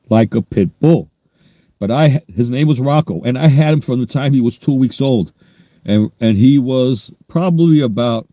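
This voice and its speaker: A man's voice: mid-range voice, warm tone, no echo. A man in his sixties with a New York accent, telling stories in a rambling, down-to-earth way during a casual livestream. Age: 60s. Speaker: livestream host.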